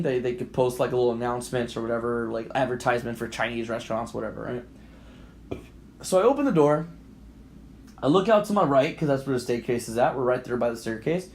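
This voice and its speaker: A man's voice: on the high side, darkish tone, slight background noise. A man co-hosting a podcast, telling a heated story in a casual, profane and rambling way. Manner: rambling, with frequent restarts. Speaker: podcast co-host.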